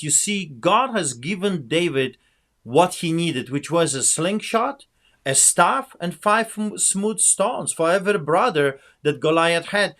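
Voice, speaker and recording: A pastor preaching fervently as a guest, with rousing biblical exhortation. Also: male voice, sits high, fairly bright tone. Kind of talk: preaching to an online audience.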